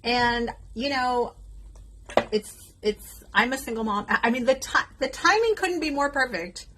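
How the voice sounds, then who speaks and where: A woman's voice: fairly high pitch, expressive, unhurried, noisy background. A woman in her fifties chatting casually with her viewers while doing her makeup, emotional and outspoken. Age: 50s. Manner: emotional, outrageous, addresses viewers directly. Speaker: beauty content creator.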